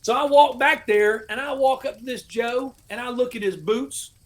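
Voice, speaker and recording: Animated American veteran spinning a profane yarn. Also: male voice, very high voice, moderate pace. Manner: animated, profane storyteller, acts out his old orders. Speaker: podcast guest, army veteran. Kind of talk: casual storytelling.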